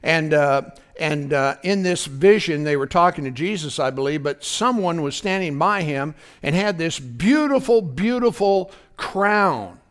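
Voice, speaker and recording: A man's voice: fairly high pitch, lively intonation, unhurried, hardly any pauses, a bit bright, clear, resonant tone. A man preaching a fervent sermon as pastor, often breaking in with "praise God" and asking if the congregation is listening.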